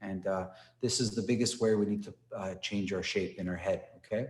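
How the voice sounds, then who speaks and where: A man's voice: low voice, fairly even intonation, fairly quick, reverberant. A man teaching an online martial arts class, telling stories and encouraging students with frequent "right?" and "okay?" tags. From Toronto. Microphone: computer mic on a video call.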